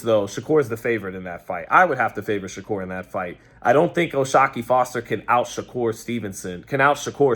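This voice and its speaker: A New man reacts to a boxing match in a loose, conversational way. He rambles, corrects himself mid-sentence and leans on fillers. His voice sits at a medium pitch. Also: fairly bright tone. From New York. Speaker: boxing commentator. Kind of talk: casual fight-reaction commentary.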